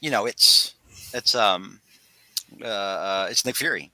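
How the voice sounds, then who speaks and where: A man hosting a casual podcast, recapping a comic book in a rambling, animated way with frequent restarts. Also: lowish voice, takes it slowly, dry recording. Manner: rambling, animated, self-interrupting storyteller. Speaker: podcast host.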